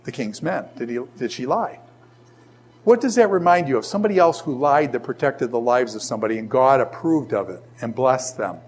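A man with a Boston accent teaching a Bible lesson to a class, animated and firing rhetorical questions. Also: mid-range voice, a little fast.

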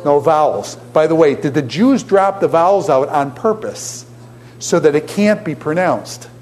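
A man teaching a classroom lecture in an animated way, often asking his students questions. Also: fairly high pitch, unhurried.

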